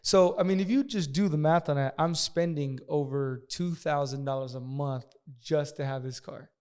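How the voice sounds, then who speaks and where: A man casually telling a profane story as a podcast guest, talking fast and acting out the people in it. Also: fairly high pitch, darkish tone, clear, resonant tone. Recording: long hall reverb.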